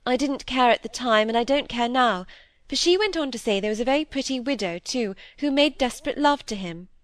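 A woman's voice: fairly high pitch, lively intonation, brisk, no room sound, lightly acted. A woman reading the part of a troubled young woman confessing her regrets to a friend, earnest and regretful. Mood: confiding. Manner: earnest, regretful, rising to indignation. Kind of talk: audiobook reading of dialogue.

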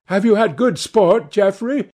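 A sensitive young gentleman, high-strung and pleading, as a male reader puts him on. His voice rises well above the narrator's own and pushes louder. A storybook figure read aloud. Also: expressive, measured pace. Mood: polite.

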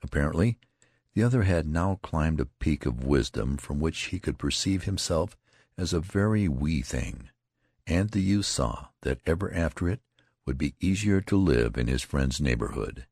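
A man with an extremely deep, gravelly voice reads a novel aloud at a measured, deliberate pace. His tone is husky, and the recording is close and dry with no room sound. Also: lively intonation, darkish tone, dry recording. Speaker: audiobook reader. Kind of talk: scripted narration.

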